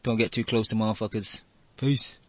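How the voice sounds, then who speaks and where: A man's voice: fairly low pitch, fairly even intonation, a little fast, dry recording. A man hosting a casual podcast, talking in a laid-back way. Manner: laid-back, wraps up the show. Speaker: podcast host. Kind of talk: casual chat.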